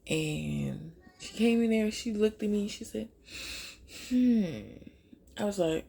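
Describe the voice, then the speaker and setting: A young woman from Louisiana tells a story while doing her makeup. She jumps up into a high voice whenever she quotes people. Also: slow pace, gravelly, warm tone, husky. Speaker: vlogger.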